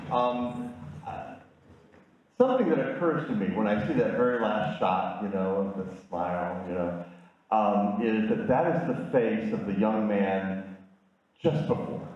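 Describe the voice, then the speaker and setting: A man in his 60s gives a personal storytelling talk with slides in a community event room, poking fun at himself with candid, self-deprecating humor. His fairly low voice moves at a moderate pace, and the recording sounds echoey, distant, and dull, giving a roomy feel.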